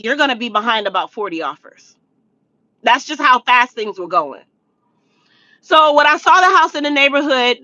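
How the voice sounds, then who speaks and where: A woman's voice: fairly high pitch, pushed and bright, dry recording, highs cut off. A woman telling a personal story to her viewers in a casual storytime vlog, talking to them directly and repeating points for emphasis. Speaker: storytime vlogger.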